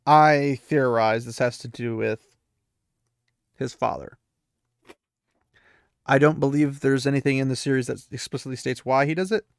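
A man's voice: medium pitch, creaky, clean tone, no echo, clean studio sound. A man retelling a novel in a chatty, casual way, acting out characters' lines. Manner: chatty, laughs often, acts out the lines. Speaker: book recapper.

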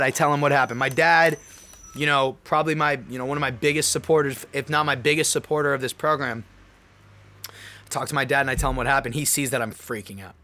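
A young man hosting his own podcast, telling a personal story in an animated, excitable way. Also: mid-range voice. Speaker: podcast host. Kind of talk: casual solo podcast monologue.

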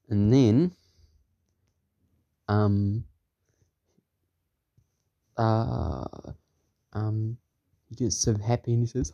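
A man spins an improvised podcast story at an unhurried pace, rambling through fillers. His voice is dark and mellow but lively in pitch, recorded close and dry. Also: no room sound, highs cut off. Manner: rambling, many fillers, chuckles at own jokes.

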